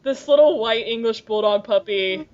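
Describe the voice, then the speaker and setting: A woman's voice: on the high side, moderate pace, a little mellow. A young woman co-hosting a podcast in casual chat, rambling and giggling through stories. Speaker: podcast co-host. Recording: lo-fi muffled podcast audio.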